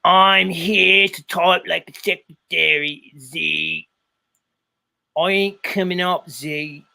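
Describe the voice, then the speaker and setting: A man's voice: high voice, steady tone, slow pace, vocal fry, bright, forceful tone, exaggerated voice. A man mimicking a sulky male chat viewer who refuses to speak, in a drawling, attempted Australian accent. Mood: mocking.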